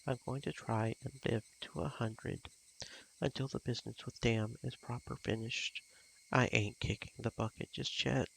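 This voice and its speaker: A man voicing a stubborn, fussy old village grandmother, with a slow, scolding and blunt way of talking. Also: medium pitch, fairly even intonation, vocal fry, natural voice. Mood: wry.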